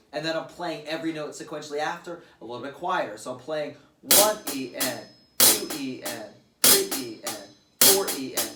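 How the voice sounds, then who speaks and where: Drum teacher guy counting beats out loud, bit of a high voice, echoey room. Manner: counts beats aloud, explains plainly. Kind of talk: casual instructional demo. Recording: roomy and distant, loud drums behind. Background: loud drum playing.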